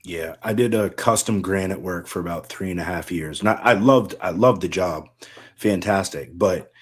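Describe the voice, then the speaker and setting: A man's voice: low voice, husky. A man from Maine co-hosting a casual podcast, telling easygoing stories about old jobs. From Maine, USA. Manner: easygoing storyteller, drawn-out. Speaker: podcast co-host.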